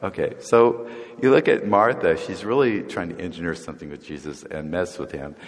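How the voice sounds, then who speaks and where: A man's voice: low-pitched, fairly quick. Chatty, chuckling male preacher in a hall. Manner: chatty and humorous, chuckling often and acting out quoted voices. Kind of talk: conversational sermon. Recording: long reverb of a large hall.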